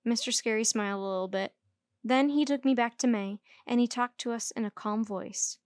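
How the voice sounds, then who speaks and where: A woman reads a children's book aloud in a lively first-person narration. Her voice sits somewhat high, and the recording is dry and close, with no room echo. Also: normal speed. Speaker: storyteller.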